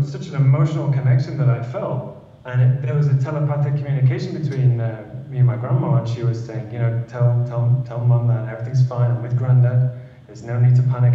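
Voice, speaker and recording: A man's voice: medium pitch, dark tone, heavy reverb, recorded from a distance, highs cut off. A man, a panel guest, telling a personal story earnestly and repeating words as he goes.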